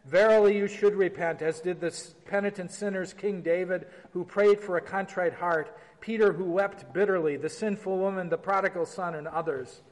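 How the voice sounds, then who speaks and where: Male pastor leading a class; high-pitched, conversational, reads liturgy with emphasis; slight hall reverb. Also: fairly even intonation, normal speed, hardly any pauses. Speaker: pastor teaching a Bible class. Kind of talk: informal church class lecture with liturgy reading.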